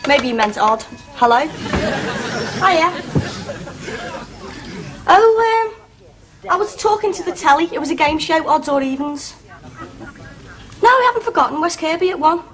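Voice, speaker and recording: A woman's voice: very high-pitched, big pitch swings, a little slow, long pauses, a bit bright, a faint crowd, exaggerated voice. An actress playing a dry-witted, down-to-earth woman who teases in studio sitcom style. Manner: dry and teasing. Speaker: sitcom character, friend of the hostess. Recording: studio audience laughter, background noise.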